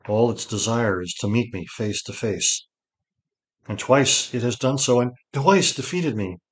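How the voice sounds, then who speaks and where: A man's voice: medium pitch, unhurried, pitched above the performer's own voice, natural voice, poor audio. A man reading an audiobook gives voice to an anxious young male wizard, speaking in a tense, pleading way that rises with fear. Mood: troubled.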